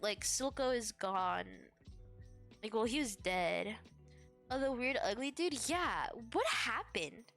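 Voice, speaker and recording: A woman's voice: fairly high pitch, a bit bright. A woman streamer chatting casually and rambling. She is tired and yawning, giggles often, and uses lots of fillers. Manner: giggly, filler-heavy, meandering. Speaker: VTuber streamer.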